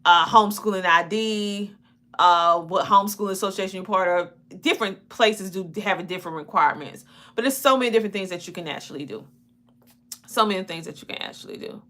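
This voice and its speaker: Bright-voiced Southern woman. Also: mid-range voice, a little fast. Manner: chatty, folksy, animated. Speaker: homeschooling parent guest. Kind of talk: casual talk show chat.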